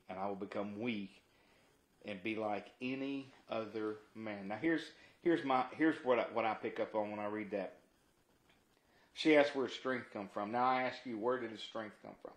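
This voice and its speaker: A man's voice: lowish voice, moderate pace, echoey room, low-quality recording. A man giving casual Bible teaching, retelling the story with asides and restarts. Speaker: preacher.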